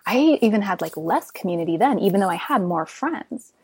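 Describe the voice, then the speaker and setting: A woman's voice: medium pitch, lively intonation, brisk, darkish tone, slightly rough. A woman speaking as a podcast guest, thoughtful and searching for words as she talks. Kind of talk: casual podcast conversation.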